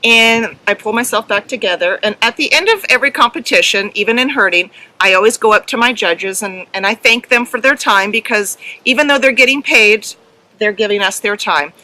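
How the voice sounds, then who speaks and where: A middle-aged woman co-hosting a casual podcast, telling a story earnestly and emotionally, with halting ums. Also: fairly high pitch, sharp tone, rough recording. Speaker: podcast co-host and herding judge.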